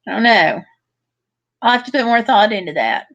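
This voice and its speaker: A woman with a slightly high voice hosts a relaxed livestream from home. She reads out viewer comments one after another and answers each in a friendly way. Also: normal speed, muffled recording. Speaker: livestream host. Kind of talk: casual livestream chat reading viewer comments.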